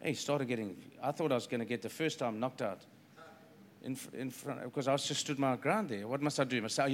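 A man's voice: mid-range voice, a little fast, slight background noise. A man preaching a sermon as a pastor, emphatic and repeating phrases, acting out the quoted dialogue in his story.

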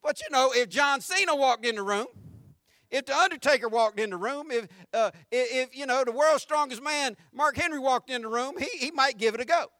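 A man preaching a sermon as pastor in an animated, conversational way, with slang, humor and repeated words as he starts sentences. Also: very high-pitched, a little fast, no echo, clean studio sound.

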